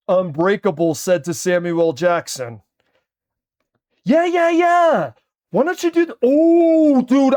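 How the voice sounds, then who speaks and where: A man chats casually to his viewers while streaming a card game. His voice sits high, and he draws his words out slowly. He swears, groans and breaks into excited shouts. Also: smooth.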